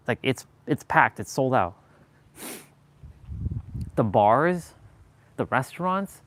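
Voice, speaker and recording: A man's voice: medium pitch, dry recording. A man from Southern California hosting a livestream, chatting casually in a rambling way, full of fillers and casual swearing. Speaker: livestream host. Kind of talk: casual chat. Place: indoors, away from the city he talks about.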